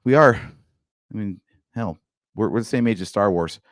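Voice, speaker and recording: A man's voice: lowish voice, a little slow, no echo, clean studio sound. A man in his forties co-hosting a podcast, talking casually with a wry, easygoing humor. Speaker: podcast co-host. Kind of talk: casual chat.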